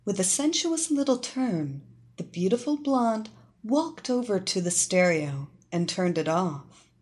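A woman narrating an erotic story in a slow, expressive reading. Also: medium pitch.

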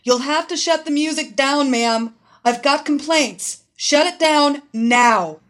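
A woman voicing a brisk, commanding female police officer who barks clipped orders. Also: mid-range voice, lively intonation, natural voice. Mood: stern. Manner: loud, clipped, authoritative.

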